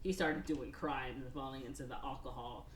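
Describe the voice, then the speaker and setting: A woman's voice: very deep voice, fairly even intonation, a little fast, echoey room, a little hiss or hum. A woman with a Chicago accent hosting a podcast in casual chat, rambling and laughing often. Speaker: podcast host.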